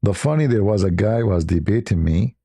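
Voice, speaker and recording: A man's voice: fairly low pitch, lively intonation, fairly quick, mellow, husky, no room sound, studio quality. A man hosting a live stream, chatting casually and laughing at his own stories. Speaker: livestream host.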